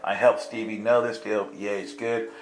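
A man's voice: fairly low pitch, normal speed. A man preaching in a storytelling way, acting out the dialogue and laughing through the story, recorded in an echoey room. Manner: animated, acts out voices and laughs through the story. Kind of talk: storytelling sermon. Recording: echoey room with music underneath. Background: soft instrumental music.

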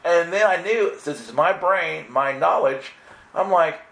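Man, slightly high-pitched, earnest animated storytelling, many restarts, echoey room. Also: unhurried, gravelly. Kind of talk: personal spiritual testimony.

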